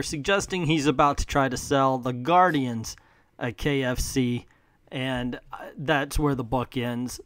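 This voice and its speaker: A man's voice: medium pitch, steady tone, measured pace, a bit bright, no echo, studio quality. A man casually reviewing a comic book, amused and mocking.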